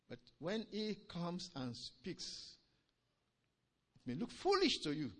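A man preaching a sermon, swinging between loud emphatic lines and low quiet ones, drawing out key words and calling "Amen?" to the congregation. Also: huge pitch swings. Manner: drawn-out stresses on key phrases.

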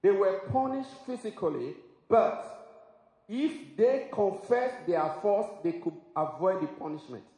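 A man's voice: sits high, lively intonation, takes it slowly, warm tone. A man preaching a sermon in an emphatic style, breaking into exclamations and laughter. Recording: echoey hall with long reverb.

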